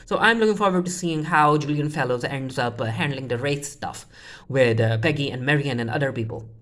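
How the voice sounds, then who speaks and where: Low-voiced woman casually recapping a show. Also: brisk, a bit bright. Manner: rambling, full of restarts and quoting characters offhandedly. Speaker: TV show reviewer.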